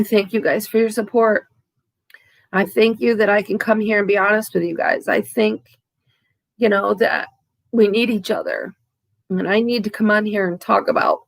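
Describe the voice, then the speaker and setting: A woman vlogger speaking candidly and haltingly about her own recovery, with frequent restarts. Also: medium pitch, vocal fry, no echo. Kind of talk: candid, emotional to-camera talk.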